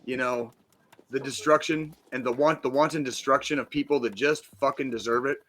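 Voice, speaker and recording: Man, podcast co-host, bright and forceful, brash and profane. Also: mid-range voice, fairly even intonation, fairly quick. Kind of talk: casual chat.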